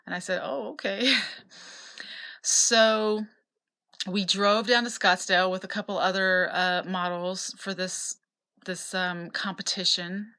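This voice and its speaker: A woman's voice: on the low side, little pitch movement, slow pace, bright, forceful tone, smooth. A woman in her fifties from Utah tells her own life story casually, rambling a little with fillers and restarts. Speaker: memoir narrator.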